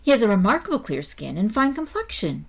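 A woman reading aloud and voicing a modest, dutiful young schoolgirl, a little higher than her own voice. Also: big pitch swings, brisk, creaky, slightly rough, heavily acted. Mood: earnest.

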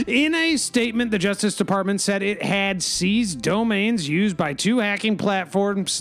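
A man hosting a comedic news-panel show, reading stories and riffing on them, his voice going hoarse. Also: high-pitched, a bit bright. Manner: reads news items then riffs jokingly. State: losing his voice. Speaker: show host.

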